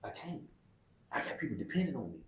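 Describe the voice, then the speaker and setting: A man's voice: mid-range voice, very animated, fast, a little hiss or hum. A middle-aged man, a podcast guest, telling a heartfelt personal story in a candid, colloquial, emotional way. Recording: roomy echo.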